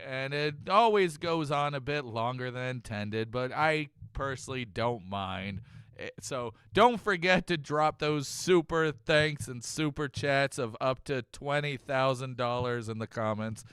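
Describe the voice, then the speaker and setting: A man hosting a casual show recap, joking loudly and laughing often. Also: fairly high pitch, clear, resonant tone, dry recording, clean studio sound. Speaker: host.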